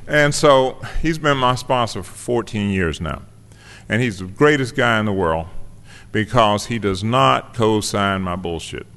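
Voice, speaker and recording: A man's voice: lowish voice, lively intonation, unhurried, a bit bright, clean tone. Wry man telling his story in a hall. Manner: conversational, wry and self-deprecating. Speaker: speaker sharing his recovery story. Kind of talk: personal testimony to a live audience. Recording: long reverb of a hall.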